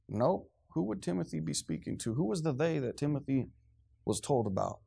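A man's voice: a little high, animated, a little fast, gravelly, mellow, husky. A man preaching a sermon in a church, fervent and sarcastic and quizzing his congregation. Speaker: pastor.

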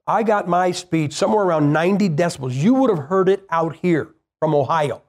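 Folksy preacher man with a raised pitch. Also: fairly quick, a little mellow. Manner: conversational, throws rhetorical questions at the audience; folksy, plain-spoken. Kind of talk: sermon with personal storytelling.

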